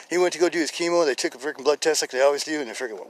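A man hosting a podcast, telling a faith testimony in rambling, casual talk. He laughs often, drops to hushed murmurs, and jumps into loud, excited quotes. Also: on the high side, racing. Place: outdoors in a neighborhood, birds and a dog nearby.

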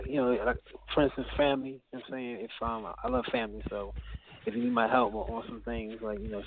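A man calls in to a radio show and talks fast in a gravelly voice, friendly and full of fillers. The line sounds thin and phone-like, with faint music underneath. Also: medium pitch, background noise. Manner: friendly, repeats fillers like "you know what I mean". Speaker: caller and musician. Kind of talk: casual phone call.

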